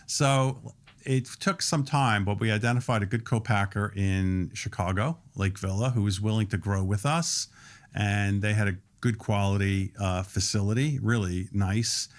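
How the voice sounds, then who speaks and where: A man in his sixties speaks with a slightly low voice as a podcast guest. He explains things at length in a steady, detailed, conversational way, like a restaurant owner walking through how his business works. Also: normal speed. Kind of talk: podcast interview.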